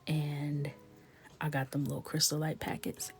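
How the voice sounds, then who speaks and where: A woman with a low voice chats her way through a coloring livestream, taking her time with every thought. She talks in a playful, chatty way and keeps slipping into soft, close whispers as she works. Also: little pitch movement, a little slow, slightly rough, faint music behind. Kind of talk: casual chat while coloring on a livestream.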